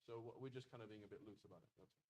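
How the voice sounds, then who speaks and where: A man's voice: on the low side, racing, darkish tone, slight background noise, rough recording. A British man teaching a Quranic Arabic class in a conversational way, often checking in with "right?". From Britain.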